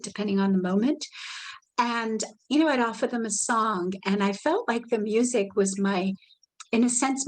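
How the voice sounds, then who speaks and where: A woman presenting a live online workshop, speaking gently and soothingly and guiding her listeners through calm imagery. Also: mid-range voice, rough recording. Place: indoors, video call.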